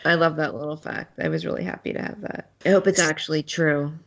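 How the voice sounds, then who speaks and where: A woman's voice: low voice, steady tone, brisk, vocal fry. A woman co-hosting a fan podcast, chatting casually in a playful, joking way. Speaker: podcast co-host. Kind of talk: casual chat.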